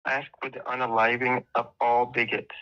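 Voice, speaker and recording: A man's voice: medium pitch, little pitch movement, moderate pace, clean tone, lo-fi sound. A man arguing in a heated online debate, sarcastic and combative, hammering the same pointed questions.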